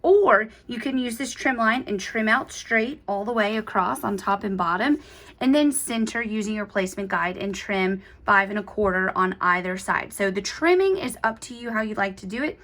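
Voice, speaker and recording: A woman's voice: medium pitch, expressive, moderate pace, fairly bright tone. A woman hosting an embroidery tutorial, walking viewers through each step in a bubbly, chatty, gushing way. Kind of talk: step-by-step craft demonstration.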